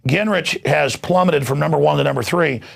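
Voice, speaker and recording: Gravelly, fired-up talk show host. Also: male voice, fairly high pitch, fairly quick, fairly bright tone. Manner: heated and blunt, with restarts and repeated "okay?". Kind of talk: ranting political monologue.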